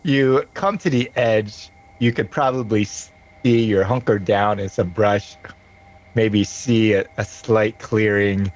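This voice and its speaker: A man narrating a tabletop game as game master, slow and descriptive with frequent laughs. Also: on the low side, steady tone, soft background music, low-quality recording.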